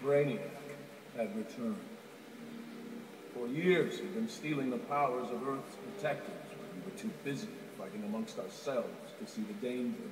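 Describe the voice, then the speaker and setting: An actor playing a grim older male supervillain who has come back from a dying future, speaking slowly and urgently in a game trailer. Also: medium pitch, far from the mic, noisy background, lightly acted. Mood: grave. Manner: grave, slow and urgent. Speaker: trailer character. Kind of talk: cinematic game trailer voice acting. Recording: roomy reverb under loud music.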